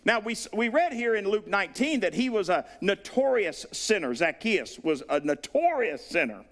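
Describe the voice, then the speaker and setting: A man with a Southern US accent preaching a sermon, animated, acting out the voices he quotes. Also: sits high, moderate pace. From Southern United States. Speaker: pastor.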